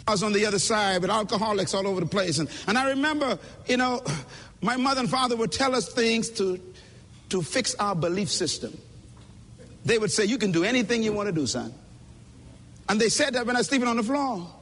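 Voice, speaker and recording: A man's voice: high voice, fairly quick, fairly bright tone. A man giving an emphatic, preacher-like motivational speech at a conference, speaking directly to the audience, recorded in a reverberant hall.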